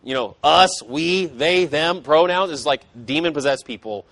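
A male preacher delivers a sermon in a fairly high voice. He talks emphatically, swelling and dropping in intensity, and mixes in casual conversational asides. The sound is dry and close. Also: moderate pace, fairly bright tone, no room sound.

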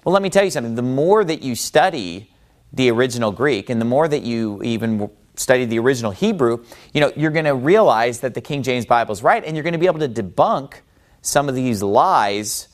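A man's voice: medium pitch, lively intonation, fairly quick. Emphatic man teaching with conviction. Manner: emphatic, argumentative, frequent rhetorical questions. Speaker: Bible teacher. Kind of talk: persuasive teaching talk.

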